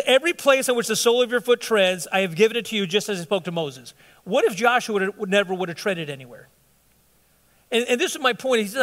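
Man, visiting pastor, high voice, informal sermon, self-correcting, long church reverb. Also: a bit bright. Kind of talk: conversational sermon.

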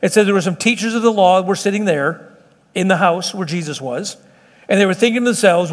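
A pastor in middle age preaches in a church meeting room with a large-hall sound, his voice high and his pace a little quick. He is earnest and conversational, repeatedly restarting sentences as he goes.

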